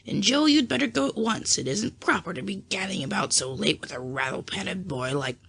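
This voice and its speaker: An audiobook reader voicing a gruff, sharp-tongued old aunt who scolds, raised in pitch. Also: expressive, normal speed, exaggerated voice. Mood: scolding. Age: older.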